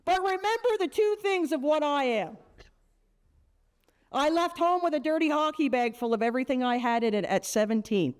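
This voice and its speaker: A woman around fifty with a brash, joking manner, giving an energetic motivational speech to teenage girls as a keynote speaker. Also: high voice, moderate pace. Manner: brash, joking, punchy storyteller.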